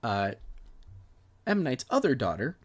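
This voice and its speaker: This mid-range male voice moves at a measured pace with huge pitch swings. He co-hosts a film podcast, reviewing movies candidly and profanely in casual chat; he swears freely, restarts words, and sometimes drops to a near whisper.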